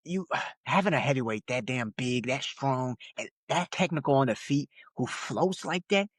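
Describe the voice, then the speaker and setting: A man's voice: medium pitch, animated, moderate pace, no echo, studio quality. A young man co-hosting a casual podcast, talking loosely with slang and frequent laughs. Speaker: podcast co-host. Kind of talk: casual chat.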